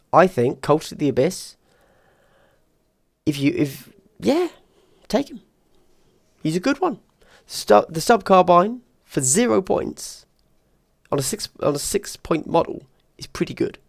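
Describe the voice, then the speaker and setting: A man with a gravelly, creaky edge talks through tabletop game rules in a relaxed, thinking-aloud way. He weighs each option out loud and drops quick asides. The sound is close and dry, with no room around it. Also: fairly high pitch, no room sound. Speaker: tabletop wargame reviewer.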